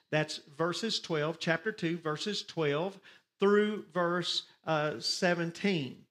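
A man's voice: on the high side, a bit bright. A man teaching a Bible study sermon, reading scripture with rising emphasis and telling listeners to underline words. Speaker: pastor.

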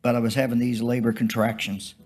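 A scared young mother, alone and pleading in plain country words, told by a male preacher in his own voice. The tone sits at an everyday middle pitch, with faint music in the background. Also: flat delivery, brisk, darkish tone, close to an everyday voice.

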